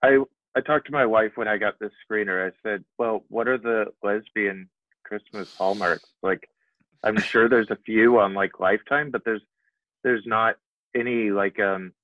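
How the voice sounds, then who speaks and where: A low-voiced man co-hosting a podcast, chatting casually and rambling with plenty of fillers. His voice comes through a tinny, phone-like line with a dry sound. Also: moderate pace, no room sound. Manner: rambling, filler-heavy, laughs often. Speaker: podcast co-host. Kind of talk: casual chat.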